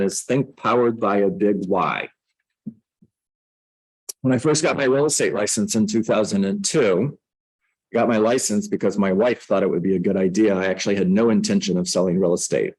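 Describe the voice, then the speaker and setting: Joking, low-voiced middle-aged man teaching. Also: darkish tone, rough recording. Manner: joking, conversational, self-mocking asides. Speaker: real estate coach. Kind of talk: teaching a class on a book.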